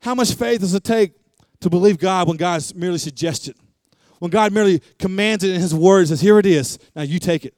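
A man's voice: high-pitched, brisk, darkish tone, no room sound. A man in his thirties preaching a sermon, impassioned and conversational, with frequent repetitions and asides to the congregation. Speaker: pastor.

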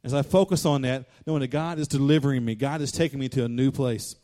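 A man's voice: mid-range voice, fast. Fervent male preacher repeating for emphasis. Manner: fervent preaching, repeats lines for emphasis, rises to loud declarations. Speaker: pastor. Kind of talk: sermon.

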